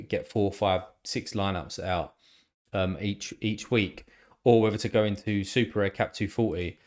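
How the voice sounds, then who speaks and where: A man chatting casually on a live stream, rambling and thinking aloud with lots of fillers and the odd swear word. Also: fairly low pitch.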